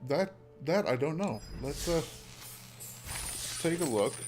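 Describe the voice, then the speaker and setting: A man giving casual commentary while playing a card game, thinking aloud with a hesitant, halting manner and frequent ums. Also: on the high side, animated, darkish tone. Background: background music.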